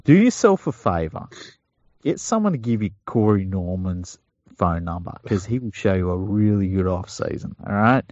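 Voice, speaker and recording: A man's voice: fairly low pitch, expressive, normal speed, a little mellow, no room sound. A man co-hosting a sports podcast, chatting casually and jokingly, rambling into mock voices. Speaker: podcast co-host. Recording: dull, dry home podcast mic.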